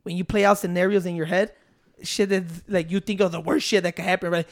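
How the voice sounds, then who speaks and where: A young man with a gravelly, fry-edged voice, talking in a loose, profane, rambling way. He tells his stories with animated energy. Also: sits high, fast talker. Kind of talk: casual chat mixing English and Spanish.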